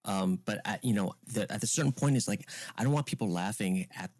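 A man's voice: on the low side, fairly quick, a little mellow, dry recording. A man who acts, talking candidly as a guest in a casual interview, rambling and restarting as he tells stories. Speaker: actor guest.

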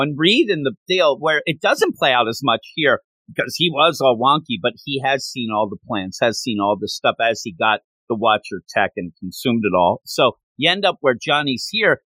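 A man's voice: medium pitch, lively intonation, moderate pace, sharp tone, dry recording. A man hosting a casual comic book review podcast, talking animatedly and acting out characters. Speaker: podcast host.

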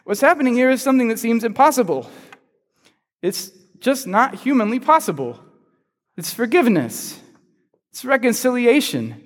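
A man's voice: extremely high pitch, very animated, normal speed, in a large hall. A man preaching a conversational sermon as pastor, asking the listeners rhetorical questions.

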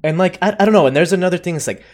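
A man in casual chat about a film, excitable, swearing a lot and acting out his own reactions. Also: high voice, rapid-fire.

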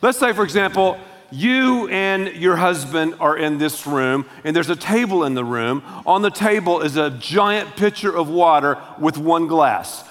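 A man's voice: on the high side, unhurried, long reverb tail. A male pastor preaching a sermon, joking and speaking directly to the congregation. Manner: animated, joking, addressing the congregation.

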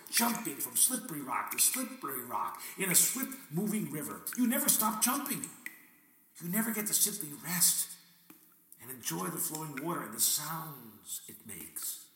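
A man with a high, bright voice that swings widely, performing a theatrical monologue aimed at God. He shifts between wry questions and blunt curses. The sound is roomy and distant, with faint noise underneath. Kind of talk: dramatic spoken monologue addressed to God. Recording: echoey room, mic at a distance, faint noise.

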